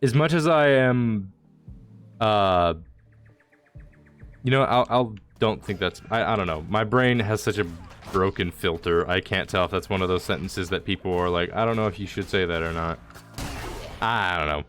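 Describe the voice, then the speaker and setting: A man's voice: low voice, moderate pace, fairly bright tone, soft background music. A man streaming a video game, talking casually in a rambling, jokey way with mock-dramatic lines. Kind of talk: casual gameplay commentary.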